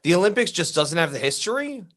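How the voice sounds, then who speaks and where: Animated man rambling on a podcast. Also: high-pitched, fast talker. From US East Coast. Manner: rambling, animated, drops into mock voices. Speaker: podcast co-host. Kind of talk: casual chat.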